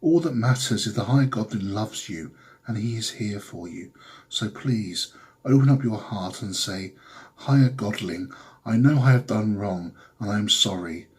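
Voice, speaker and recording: A man's voice: lowish voice, measured pace, husky. A man playing a grandiose fake preacher with solemn, theatrical delivery in a comedy sketch. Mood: preachy.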